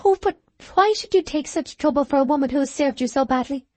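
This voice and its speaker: A woman reading an audiobook, voicing an anxious, jealous young woman who pleads in high, distraught tones. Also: normal speed, dark tone, dry recording, close to an everyday voice. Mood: plaintive. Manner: plaintive, distraught.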